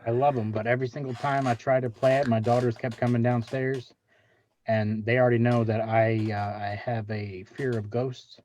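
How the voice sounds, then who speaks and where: A man co-hosting a casual podcast, telling a self-mocking story in an animated way. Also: medium pitch, moderate pace, slight background noise. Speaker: podcast co-host, father. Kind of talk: casual chat.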